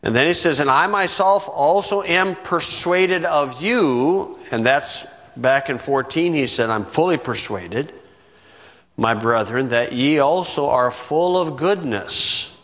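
A man preaching a sermon, teaching verse by verse in a conversational way, with chuckling asides and key words drawn out slowly. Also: fairly high pitch, lively intonation, a bit bright. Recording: long reverb from the room.

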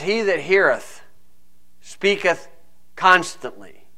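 Bright-voiced folksy preacher man. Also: a little high. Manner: folksy, conversational preaching with asides. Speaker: pastor. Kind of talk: sermon.

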